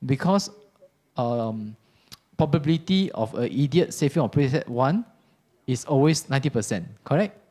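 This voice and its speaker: Guy running an audio workshop, casual and chatty, keeps asking okay, mid pitch. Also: expressive, moderate pace, darkish tone. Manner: chatty, informal, checks in with "okay?" often. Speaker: audio product trainer. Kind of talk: workshop product demo talk. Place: workshop classroom. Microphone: ceiling and handheld microphones in a live demo.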